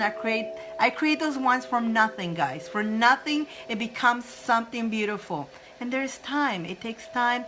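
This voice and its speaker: A woman hosting a spiritual live stream, chatting casually and excitedly with viewers. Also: on the high side, poor audio. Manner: chatty and excitable, breaks into laughter.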